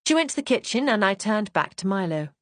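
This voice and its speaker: A woman's voice: medium pitch, sing-song, fast talker, no room sound. A woman reading a mystery audiobook in poised, first-person narration.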